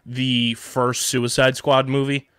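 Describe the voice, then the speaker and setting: A man hosting a casual film podcast, handing the floor to others in a relaxed way. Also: medium pitch, slow pace, smooth, no room sound, studio quality. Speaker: podcast host. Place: podcast studio.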